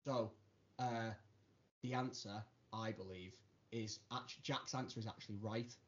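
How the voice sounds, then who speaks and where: A man's voice: on the low side, fairly even intonation, measured pace. A man hosting a casual podcast chat, teasing his guests and laughing often. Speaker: podcast host. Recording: dull lo-fi sound.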